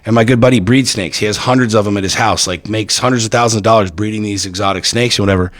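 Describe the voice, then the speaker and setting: A man in his forties telling stories as a podcast guest, talking fast and bluntly with plenty of swearing and emphatic repetition. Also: on the low side, no room sound, studio quality. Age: 40s. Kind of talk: casual podcast storytelling.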